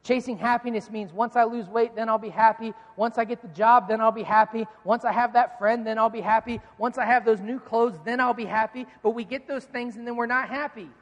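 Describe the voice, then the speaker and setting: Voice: medium pitch, long reverb tail. A pastor preaching a sermon, asking rhetorical questions and answering them, repeating key lines for emphasis.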